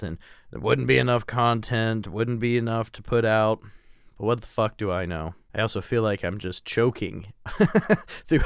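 Male podcast host, lowish register, very clean resonant voice; loose, profane, self-deprecating delivery. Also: smooth, no room sound, studio quality. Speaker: podcast host reviewing films. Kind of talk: casual solo podcast talk.

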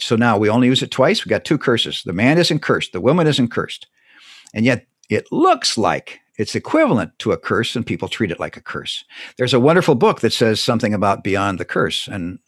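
Brief: man, expressive pitch, emphatic storyteller, dry close sound. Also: no echo. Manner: lively, emphatic, with frequent restarts. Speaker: guest speaker on theology. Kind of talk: animated conversational storytelling.

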